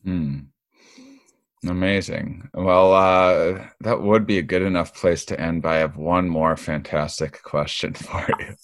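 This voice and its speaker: A man interviewing a guest, halting and restarting as he asks questions. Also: low-pitched, fairly even intonation, dry recording. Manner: halting, many restarts when asking. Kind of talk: casual interview talk.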